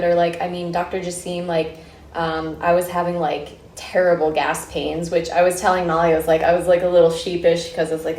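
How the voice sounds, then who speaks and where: A woman's voice: lowish voice, little pitch movement, fairly quick. A woman hosting a podcast, chatting casually and enthusiastically with lots of "like" fillers. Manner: gushing, filler-heavy with many "like"s. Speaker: podcast host. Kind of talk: casual interview. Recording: roomy echoey sound.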